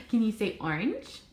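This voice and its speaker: A young mother coaxing her toddler to talk on camera, sing-song and encouraging, her voice swooping up high. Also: darkish tone. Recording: echoey room with faint ambience.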